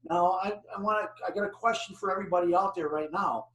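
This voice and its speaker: A man's voice: high voice, fast talker. Older man telling stories in an echoey room. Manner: animated storytelling with questions to the audience. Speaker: driver safety presenter. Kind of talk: presentation to an online audience. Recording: echoey room, distant mic.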